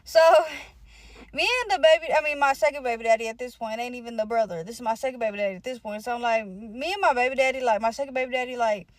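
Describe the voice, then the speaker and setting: A young woman with a slightly high voice, recorded dry and close with no room sound. She tells a personal story in a casual, rambling way, swearing freely and packing her talk with slang and filler words. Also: fast talker, dry recording. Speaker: vlogger telling a personal story.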